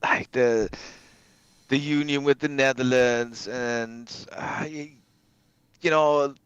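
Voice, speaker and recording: A man's voice: mid-range voice, fairly even intonation, clean tone, no room sound, highs cut off. Blunt, opinionated man on a dry mic. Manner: blunt, opinionated, halting with fillers. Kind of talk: casual conversation.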